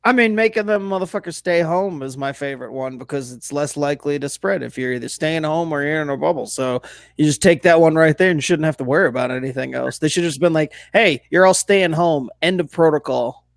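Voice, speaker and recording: A man's voice: fairly high pitch, quick pace, vocal fry, no room sound. A man co-hosting a casual podcast, blunt and opinionated, swearing freely. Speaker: podcast co-host. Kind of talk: casual chat.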